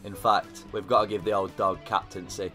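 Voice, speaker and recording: A man commentating his own football video game, getting excitable and shouting at the big moments. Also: fairly low pitch, normal speed, faint music behind. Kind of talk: gaming commentary.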